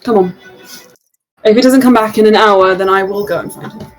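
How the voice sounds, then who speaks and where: A woman voicing a calm protective shopkeeper. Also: medium pitch, close to an everyday voice, poor audio. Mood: resigned. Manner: measured, resigned.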